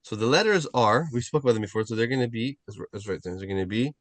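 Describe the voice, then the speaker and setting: A man teaching an online Arabic class, patiently correcting pronunciation and repeating sounds slowly. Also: medium pitch, animated, a bit bright, no echo. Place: video call.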